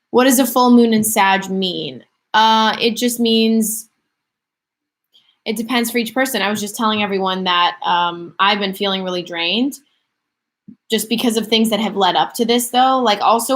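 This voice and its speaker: A woman's voice: mid-range voice, a bit bright. A woman in her twenties chatting casually on a livestream, rambling through viewer questions with lots of fillers. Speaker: livestream host.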